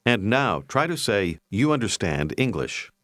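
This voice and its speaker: Measured male language-course narrator, lowish voice. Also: big pitch swings, fairly bright tone, no room sound, clean studio sound. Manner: clear, measured teacherly prompting. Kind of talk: scripted language-lesson instruction.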